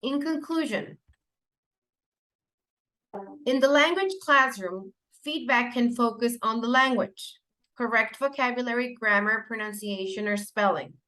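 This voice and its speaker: A woman's voice: on the high side, a little slow, pushed and bright. A woman whose first language is Spanish, giving a teacher-training lecture in an explanatory way, with fillers and self-corrections.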